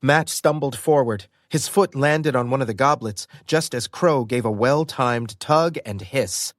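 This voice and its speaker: A man reading a first-person audiobook in an expressive storytelling manner. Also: mid-range voice, a little slow, no room sound, studio quality. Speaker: audiobook narrator.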